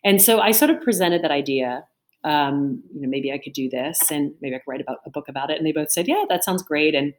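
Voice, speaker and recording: Low-voiced woman telling a lively story. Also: brisk. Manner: lively anecdotal storytelling, acts out quotes. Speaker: auctioneer and author, guest. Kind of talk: storytelling interview answer. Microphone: remote video call.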